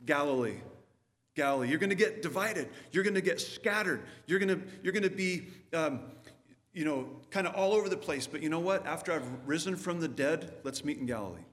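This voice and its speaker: A man's voice: fairly high pitch, animated, a little fast, a bit bright. Man preaching in a reverberant hall. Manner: conversational, asks the audience questions. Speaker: pastor. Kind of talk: sermon.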